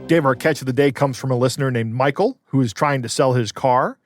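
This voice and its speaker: A man's voice: medium pitch, fairly quick, loud music behind the voice. A man co-hosting a casual podcast, chatty and wry, who often chuckles at his own jokes. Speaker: podcast co-host.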